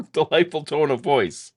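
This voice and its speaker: A middle-aged man co-hosts a loose, casual chat. He tells his story in a meandering, self-deprecating way, stopping and restarting often. His speaking voice sits a little high for a man. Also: huge pitch swings, slow, a little mellow. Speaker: podcast co-host.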